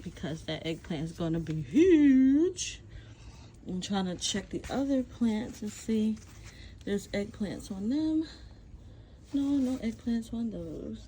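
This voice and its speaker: A woman's voice: medium pitch, a little hiss or hum, low-quality recording. Chatty woman touring her garden outdoors. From New Jersey. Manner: chatty, excitable, says y'all often. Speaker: vlogger. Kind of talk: casual garden tour vlog.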